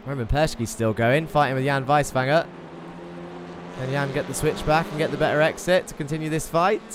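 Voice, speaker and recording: Guy calling a sim race, gets loud and excited, engine noise in the background. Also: on the high side, fairly quick. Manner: excitable, chatty, reads out chat messages. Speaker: sim racing commentator. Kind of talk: live esports race commentary.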